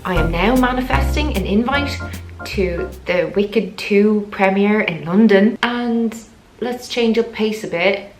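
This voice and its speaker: A woman's voice: mid-range voice, takes it slowly, a little mellow, faint music behind, poor audio. A woman in her thirties vlogging casually on a road trip, chatty and laughing often at herself. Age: 30s. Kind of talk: casual vlog chat. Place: in a car on a rainy road trip.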